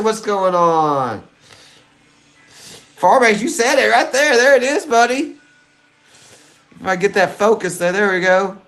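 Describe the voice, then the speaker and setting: A man, hosting a live stream and chatting excitedly with viewers. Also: high voice. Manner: excitable, giddy, chats to viewers. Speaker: livestream host hunting coins. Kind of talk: casual live-stream chat.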